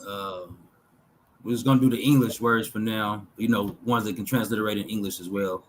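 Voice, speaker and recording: A man slowly reading lists of words aloud from a text, pausing between each item in a measured way. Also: on the low side, fairly even intonation, slight background noise, low-quality recording. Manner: slow, measured reading with pauses between list items. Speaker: talk show host reading linguistic examples.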